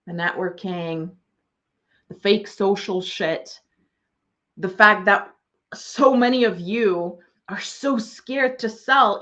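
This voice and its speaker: A woman's voice: mid-range voice, a bit bright, highs cut off. A woman ranting in a monologue as an online business coach, sarcastic, swearing freely and mocking other people in exaggerated voices.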